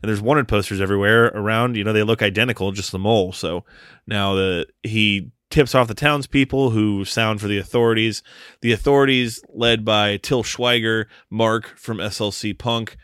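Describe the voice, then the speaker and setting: A man's voice: fairly low pitch, steady tone, normal speed, fairly bright tone, smooth, dry recording, studio quality. A man co-hosting a casual movie podcast, recapping a film's plot in a loose, joking way. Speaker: podcast co-host.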